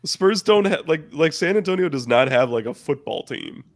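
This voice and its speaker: A man's voice: on the high side, animated, normal speed. A man co-hosting a wrestling podcast over a remote call, chatting bluntly and swearing casually. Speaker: podcast co-host. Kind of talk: casual chat.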